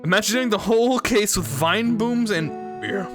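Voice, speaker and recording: A man's voice: high voice, expressive, moderate pace. A young man giving joking, rambling gameplay commentary as a streamer, swearing freely. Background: game music.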